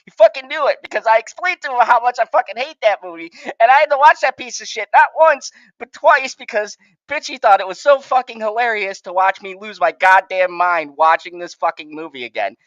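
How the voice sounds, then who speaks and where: A woman's voice: a little high, fairly quick, hardly any pauses, no room sound, highs cut off. A woman co-hosting a podcast, ranting hard and swearing through a heated movie complaint, worked up and sweating. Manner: heated, swearing, loud and emphatic. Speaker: podcast co-host. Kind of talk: profane ranting commentary.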